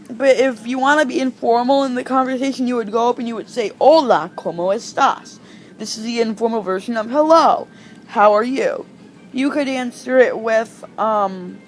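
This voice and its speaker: A woman giving an informal online language lesson, hesitant with frequent ums and restarts, slowing down to pronounce example phrases. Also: fairly high pitch, a little hiss or hum. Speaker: language tutor.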